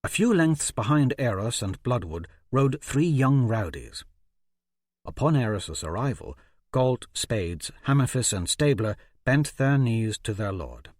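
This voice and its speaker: A man narrating a fantasy audiobook in a steady, measured storytelling voice. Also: on the low side, no room sound, studio quality. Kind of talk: scripted narration.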